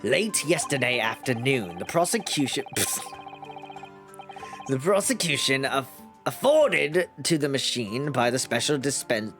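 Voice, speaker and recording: A man putting on a haughty, deliberate voice for a stern prosecutor in a courtroom game. his pitch moves a lot as he reads, with faint music behind. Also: animated.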